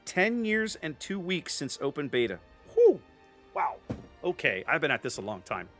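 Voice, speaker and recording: A man commentating his own game on a live stream, chatty and prone to repeating himself mid-thought. His voice swings up and down with plenty of life, sitting a little high and sounding bright. Soft music plays underneath. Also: huge pitch swings, normal speed. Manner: chatty, repeats words while thinking.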